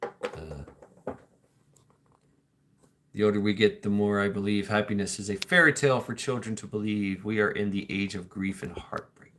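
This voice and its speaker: A man's voice: lowish voice, brisk, fairly bright tone, slight background noise. A man hosting a casual livestream, musing aloud in a rambling way, often repeating his words and laughing between thoughts. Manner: reflective, joking, swears casually. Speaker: livestream host reading chat comments.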